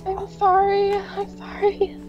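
A woman's voice: extremely high pitch, monotone, slow pace, over music. A woman playing a timid, flustered girl. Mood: apologetic. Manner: flustered, repeated apologies. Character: timid, apologetic young girl always running late. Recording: slightly dull lo-fi recording.

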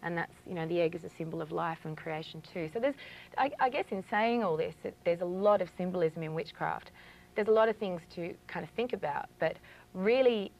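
A woman's voice: on the low side, fairly quick, vocal fry, a little mellow, lo-fi sound. A woman with an Australian accent, a guest in a casual TV interview, explaining ritual objects in a chatty, eager way with many fillers.

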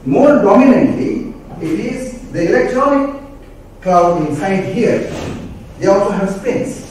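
A man giving a classroom lecture, explaining step by step with pauses and self-corrections. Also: sits high, expressive, a little mellow. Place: lecture room. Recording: very echoey room, mic far off, faint noise.

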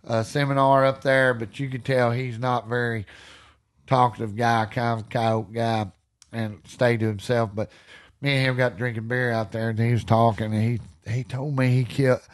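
A man with a Texan accent, a podcast guest telling animated stories with folksy country slang and frequent laughter. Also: medium pitch, normal speed. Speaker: podcast guest, hunting storyteller. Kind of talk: casual storytelling.

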